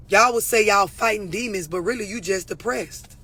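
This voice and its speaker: A woman's voice: mid-range voice, normal speed, sharp tone, a little hiss or hum. A woman relationship coach talking straight to her viewers, blunt, profane and preachy. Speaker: relationship and mental health coach. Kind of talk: unscripted talk to camera.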